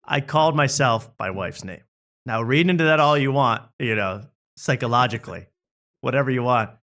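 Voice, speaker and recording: A young man hosting a casual talk show spins a self-deprecating anecdote, his voice jumping around as he acts out the people in the story. His pitch sits in the middle range, and his delivery is loose and comic. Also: fairly quick. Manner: animated, self-mocking, acts out quotes. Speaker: host.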